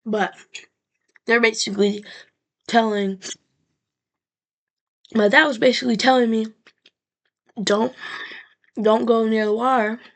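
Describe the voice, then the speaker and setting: A woman's voice: a little high, fairly even intonation, slow pace, long pauses. A young woman vlogger telling a rambling, profane story straight to her camera, full of fillers.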